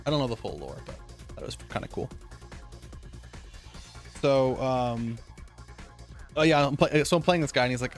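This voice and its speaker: Casual male vlogger, mid-pitched, rambling tournament recap with faint music underneath. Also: expressive, normal speed, pauses often. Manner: rambling, loose storytelling with swearing. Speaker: card game player.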